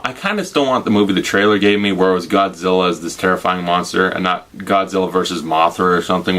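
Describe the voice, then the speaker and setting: A man's voice: low-pitched, fairly bright tone. A man giving a casual, rambling spoiler review of a movie, enthusiastic and gushing, with frequent restarts. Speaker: film reviewer.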